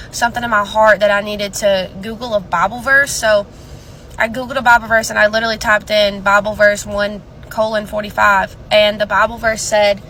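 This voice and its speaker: A woman telling a personal testimony in a quiet, hushed and earnest way. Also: mid-range voice, a little hiss or hum, rough recording.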